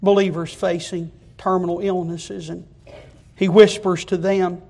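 Male preacher, high-pitched, fervent sermon delivery. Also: flat delivery, normal speed. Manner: fervent, rising to loud repeated climaxes.

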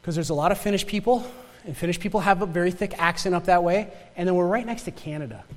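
Male pastor, Yooper accent, high voice, emphatic sermon delivery, reverberant church hall. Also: fast talker. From northern Michigan. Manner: emphatic preaching with rhetorical questions and repeated words.

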